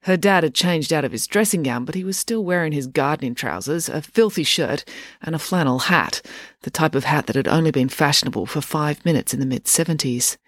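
A narrator reading a comic novel aloud in an expressive storytelling manner. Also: medium pitch, fairly quick, no echo, studio quality. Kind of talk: scripted audiobook narration.

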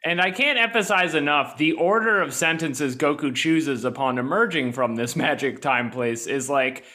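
Bright-voiced joking man. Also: fairly high pitch. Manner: animated, jokey, does quick silly voices. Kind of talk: casual comedic chat.

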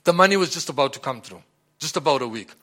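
A man giving a personal testimony in a rambling, halting way, often repeating "you know" and "like that.". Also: on the high side, animated, bright, forceful tone. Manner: halting, many restarts and fillers. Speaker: church member giving testimony.

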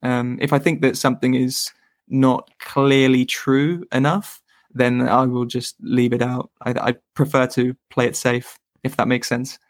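A man as a podcast guest, explaining his views thoughtfully with pauses and restarts. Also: mid-range voice, flat delivery, no room sound, clean studio sound. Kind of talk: casual interview chat.

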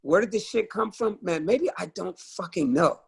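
Middle-aged male musician guest, husky and a touch high-pitched, speaks with fiery conviction and free swearing over a video call. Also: expressive, moderate pace. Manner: passionate, emphatic, swears freely. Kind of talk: candid conversational interview.

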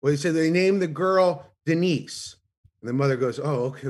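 A man telling a joke as a guest on a casual comedy podcast, animated and laughing at his own punchlines. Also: on the high side, normal speed.

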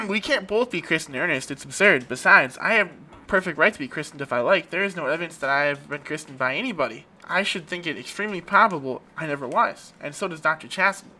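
A man's voice: fairly high pitch, expressive, fast talker, few pauses, sharp tone. A man casually reading through a comic play with a friend, earnest and sometimes stumbling over the lines. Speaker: amateur reader of a play.

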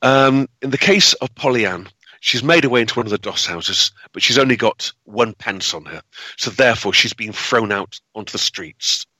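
A man's voice: on the low side, lively intonation, normal speed, pushed and bright, slightly rough, no echo, rough recording. A man telling a grim piece of local history in a dramatic, unscripted way, with many fillers and restarts. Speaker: historical storyteller. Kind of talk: spoken history storytelling.

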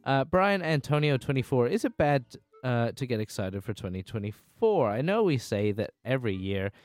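A man's voice: mid-range voice, very animated, darkish tone, no room sound. Easygoing Australian man talking footy. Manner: easygoing, quick, enthusiastic. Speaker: podcast co-host. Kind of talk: casual sports chat.

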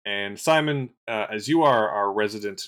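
A man's voice: fairly low pitch, moderate pace, fairly bright tone. A man co-hosting a film podcast, talking in a dry, wry way and steering the conversation. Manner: dry, wry, leads the segments. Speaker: podcast co-host. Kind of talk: casual film review chat.

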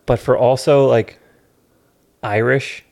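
A man's voice: mid-range voice, fairly even intonation, slow, creaky, darkish tone. A man co-hosting a comedy podcast, chatting casually and making dry, sarcastic jokes. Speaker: podcast co-host. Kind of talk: casual chat.

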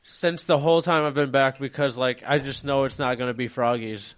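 A man's voice: mid-range voice, steady tone, fairly quick, smooth. A young man in casual chat, telling drinking stories with profane, laughing banter. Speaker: podcast co-host.

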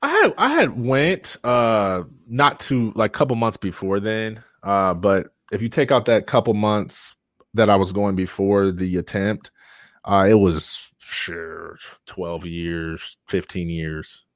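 A man being interviewed, telling his story with animated energy and laughter. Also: on the low side, takes it slowly, no room sound, clean studio sound. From Michigan. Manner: animated storyteller, acts out voices, laughs often. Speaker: guest.

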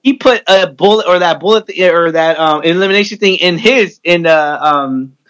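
A man co-hosting a casual chat about reality television, excitable and profane, often mimicking the people he talks about. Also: high-pitched, moderate pace. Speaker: podcast co-host.

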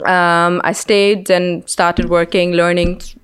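A woman in her thirties from India talks in a smooth, resonant, slightly low voice. She pauses often with fillers and speeds up and lifts her pitch when she explains something she cares about. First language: Bengali. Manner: hesitant, many fillers, lively when explaining. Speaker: guest. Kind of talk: casual conversation.

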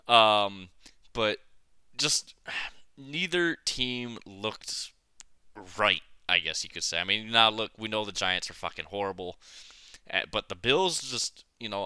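A man's voice: on the low side, sharp tone, clear, resonant tone, no echo. A man co-hosting a casual sports podcast, blunt and a little profane, his sentences full of fillers and restarts. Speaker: podcast co-host.

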